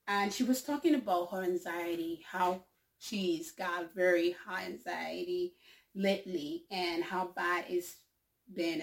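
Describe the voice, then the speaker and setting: A woman speaks in a slow, heartfelt way, lingering over each phrase of an uplifting message. Her voice sits at a medium pitch. She sounds a little distant from the microphone. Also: gravelly. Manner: slow, heartfelt, dwells on quoted lines. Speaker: speaker sharing encouragement. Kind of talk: reflective motivational talk.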